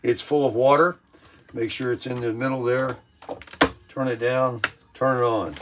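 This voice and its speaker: An older man hosting a casual vlog while cooking in his camper, upbeat and self-amused, his voice a bit hoarse with frequent throat clearing. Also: medium pitch, steady tone, unhurried, heavy background noise. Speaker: vlog host. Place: camper kitchen. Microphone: phone on a selfie stick. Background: bacon frying.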